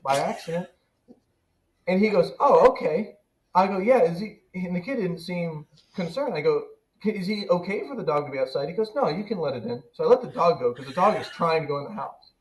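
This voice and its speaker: A man casually telling a funny work story on a podcast, animated and laughing as it builds. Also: a little high, brisk, a little hiss or hum, poor audio. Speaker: podcast co-host.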